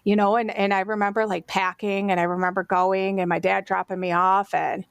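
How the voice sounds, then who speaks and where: Podcast guest, woman, Cleveland accent, blunt and salty, steady middle pitch, dry close mic. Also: brisk, creaky, clear, resonant tone, no room sound. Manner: blunt, swears freely, laughs often. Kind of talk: casual storytelling.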